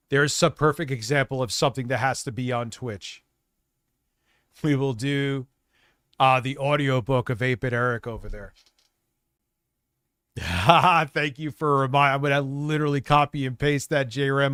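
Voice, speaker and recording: A man live-streaming, rambling and reacting loudly in casual, profane commentary. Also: medium pitch, unhurried, long pauses, smooth, dry recording, studio quality.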